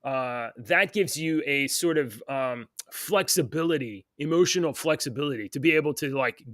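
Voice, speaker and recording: A man's voice: a little high, normal speed, a bit bright, no echo, studio quality. A middle-aged man co-hosting a casual talk show, rambling with many restarts. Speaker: co-host. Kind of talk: casual chat.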